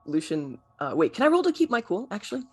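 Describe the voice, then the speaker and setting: A tabletop player describing their character haltingly, pausing to search for words. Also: mid-range voice, huge pitch swings, husky. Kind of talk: casual tabletop role-play.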